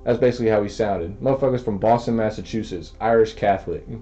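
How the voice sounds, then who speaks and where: A man's voice: lowish voice, mellow. A man opening sports card packs in casual chat, brash and joking with a friend. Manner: brash, joking, rapid-fire. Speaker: card breaker. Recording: slightly dull, music faint behind. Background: faint music.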